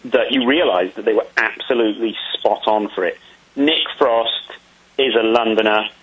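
A man being interviewed about making a film, answering in a casual, halting way with many ums and restarts. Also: on the low side, a bit bright, slightly rough, lo-fi sound.

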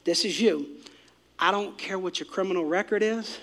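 A man preaching a sermon, speaking straight to the congregation, swinging from shouts down to hushed near-whispers. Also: high-pitched, normal speed, creaky. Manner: preachy, direct address to congregation. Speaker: pastor.

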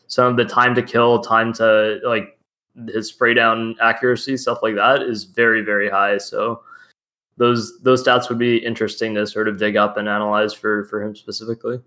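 A man on a casual esports panel, talking through stats in a measured, analytical way. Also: on the low side, little pitch movement, bright, forceful tone.

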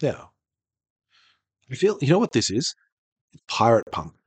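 A man's voice: medium pitch, big pitch swings, measured pace, slightly rough, no room sound. A man co-hosting a podcast in casual chat, talkative, swearing freely and laughing often. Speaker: podcast co-host.

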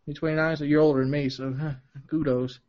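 A man hosts a podcast in a casual, teasing manner, with a voice a bit higher than most men's. He jokes as he asks his questions. The audio is a little dull and lo-fi. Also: little pitch movement, quick pace, a little mellow. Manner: teasing, joking interviewer. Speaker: podcast host.

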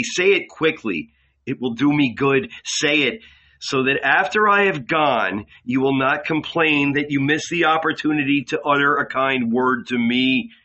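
A man's voice: fairly high pitch, pushed and bright, dull audio. A man voicing a solemn male spiritual teacher who speaks with grave intensity. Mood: pleading.

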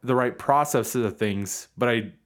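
A man's voice: mid-range voice, a little slow. A man co-hosting a podcast in casual chat, joking and teasing his co-host.

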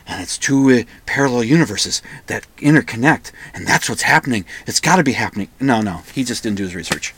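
A man's voice: on the low side, a bit bright, husky. A man hosting a solo podcast, rambling and pedantic, often restarting and correcting himself. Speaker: podcast host.

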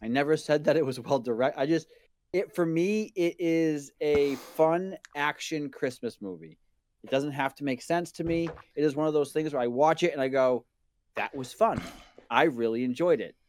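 A man's voice: a little high, normal speed, darkish tone. A man on a movie podcast, talking casually in an easygoing, defensive way. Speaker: podcast co-host. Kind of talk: casual movie review chat.

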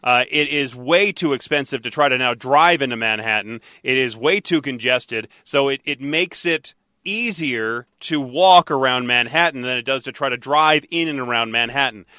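A man hosting a talk radio show, chatting and teasing his co-host in a lively, animated way. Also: mid-range voice, normal speed, dry recording, clean studio sound. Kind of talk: casual talk radio banter.

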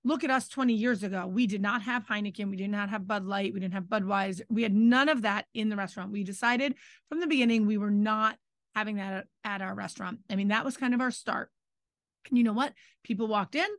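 A woman's voice: medium pitch, quick pace, no echo, clean studio sound. A woman co-hosting a podcast about running restaurants, speaking conversationally and finishing her partner's sentences. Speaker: podcast co-host, restaurant owner. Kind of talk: casual chat.

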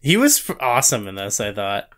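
A man's voice: fairly low pitch, wildly swooping pitch, a little fast, fairly bright tone. A man co-hosting a podcast in casual chat, rambling and hesitant, filling his talk with "like". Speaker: podcast co-host.

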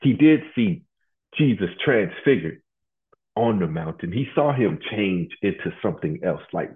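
A man with a very low voice delivering a sermon. He talks casually and haltingly, restarting and repeating words as he goes. The sound is thin and phone-like. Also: animated. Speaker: preacher. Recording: tinny phone-like line.

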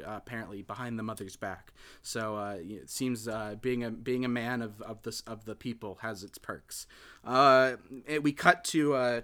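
A man talks through a movie's plot in a loose, chatty recap, stumbling over fillers and restarting his sentences. His voice is bright and forceful, with a smooth, crisp, clear tone. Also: mid-range voice. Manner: rambling, hesitant, many filler words and restarts. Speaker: podcast host recapping a film. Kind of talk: casual film recap chat.

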